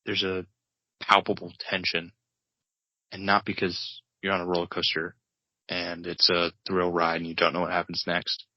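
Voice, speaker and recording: Low-voiced man rambling through a comic table read. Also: completely flat delivery, dry recording. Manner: rambling, halting, self-interrupting narration. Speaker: podcast co-host and narrator. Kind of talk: improvised comedic table read. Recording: dull, lo-fi, dry podcast mic.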